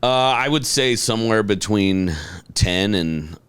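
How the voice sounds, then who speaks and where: A man's voice: fairly low pitch, expressive, unhurried, fairly bright tone, smooth, no room sound. A man in his thirties, a comedian guest on a studio podcast, chatting casually in a laid-back, joking way with lots of fillers. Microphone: studio mic.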